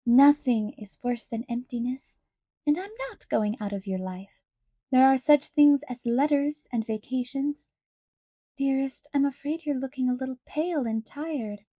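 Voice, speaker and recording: A woman reading an audiobook, voicing an earnest, dreamy young woman who speaks gently and solemnly. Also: sits high, unhurried, no room sound, studio quality. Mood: tender.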